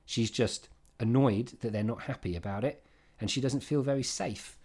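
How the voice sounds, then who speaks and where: A man giving an informal, emphatic revision lesson on a play, with quick asides and restarts. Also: mid-range voice, darkish tone. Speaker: English literature teacher.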